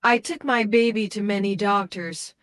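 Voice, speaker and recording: A woman's voice: medium pitch, moderate pace, fairly bright tone, dry recording, lightly acted. A woman voicing a humble, devout young widow with a sick baby, speaking respectfully and pleadingly.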